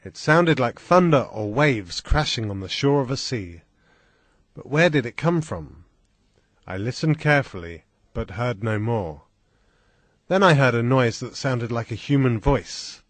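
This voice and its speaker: A man reading a first-person adventure story aloud in a slow, deliberate, plain manner. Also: medium pitch, expressive, no echo. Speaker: audiobook reader.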